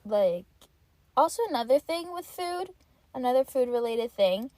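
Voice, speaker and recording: A young woman rambles through a casual solo podcast, her voice a little stuffy and sniffly from a cold. She sits fairly high in pitch and piles on filler words as she talks. The sound is close and dry, with no room around it. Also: very animated, moderate pace, dark tone, no room sound. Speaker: podcast host.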